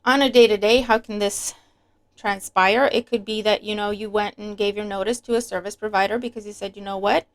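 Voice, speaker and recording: A woman's voice: medium pitch, steady tone, a little fast. A woman giving a casual tarot reading to her viewers, chatty and emphatic, sometimes breaking into a rant. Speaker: tarot reader.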